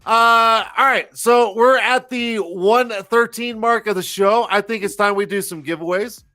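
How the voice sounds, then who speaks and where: A man's voice: high voice, a little slow, bright, forceful tone. A man in his forties hosting a live stream, rambling and swearing freely in casual chat. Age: 40s. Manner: profane, rambling, self-mocking. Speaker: host.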